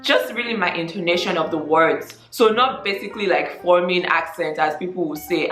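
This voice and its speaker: A Nigerian woman in her twenties chatting casually to camera as a vlogger, with lots of ums and animated asides. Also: lowish voice, normal speed, few pauses, echoey room, soft background music. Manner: chatty, frequent ums, animated mock quotes.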